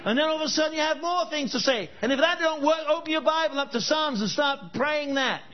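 High-voiced man preaching a sermon. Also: fairly quick. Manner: storytelling, emphatic rhetorical questions. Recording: dull lo-fi recording.

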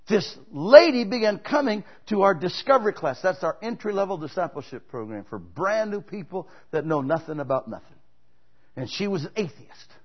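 A male pastor preaches with emphatic, exhorting energy and weaves stories into his sermon. His voice is husky and fairly high for a man. The recording sounds dull and lo-fi.

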